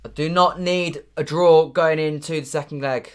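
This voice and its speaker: A young man commentating live on a football match for his stream, muttering between plays and shouting when his team scores. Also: fairly high pitch, moderate pace, clean tone. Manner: excitable, swings from muttering to shouting at goals.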